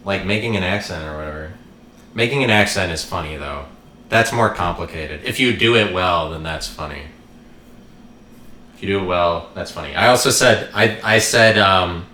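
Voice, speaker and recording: Podcast host, male, low-pitched, sharp bright tone, rambling and irreverent, roomy sound. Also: normal speed, slight background noise. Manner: irreverent, joking, swears, trails off and restarts. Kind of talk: rambling solo podcast monologue.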